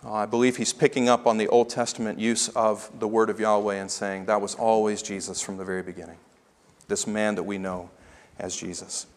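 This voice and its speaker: A man preaching a sermon as pastor, emphatic and slowing down to stress key phrases. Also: lowish voice, flat delivery, in a large hall.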